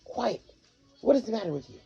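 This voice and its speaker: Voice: medium pitch, very animated, a little fast, vocal fry, warm tone, breathy edge, dull audio, soft background music, heavily acted. A reader voicing a bossy, scheming male lead dog who snaps orders at his pack. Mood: scolding. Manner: bossy, snapping.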